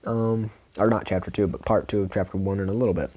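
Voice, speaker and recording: A man's voice: lowish voice, fairly even intonation, fast talker, mellow, slightly rough, muffled recording. A man with a Southern US accent reading a novel aloud at home in a laid-back, informal way, sometimes stumbling and repeating words. His mouth is dry. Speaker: audiobook reader. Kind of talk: amateur audiobook reading.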